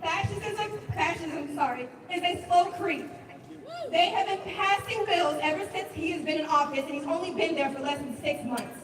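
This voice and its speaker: A woman with a high voice gives an impassioned speech at an outdoor rally. She sounds nervous but pushes on forcefully. The recording is echoey and distant, with a crowd and street noise all around. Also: moderate pace. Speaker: protest speaker.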